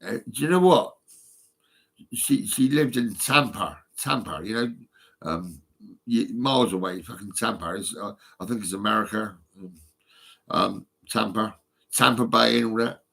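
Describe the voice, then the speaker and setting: A man's voice: fairly low pitch, measured pace, creaky, fairly bright tone, husky. A man, talking live on a stream in a rambling way, swearing often, with many fillers and restarts. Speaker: livestreaming vlogger.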